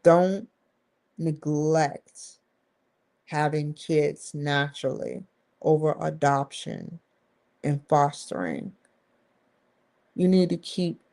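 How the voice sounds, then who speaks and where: A woman's voice: low voice, steady tone, slow, gravelly, pauses often, darkish tone. A woman talking to the camera in a rambling, candid vlog monologue, swearing freely and leaning hard on stressed words. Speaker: vlogger.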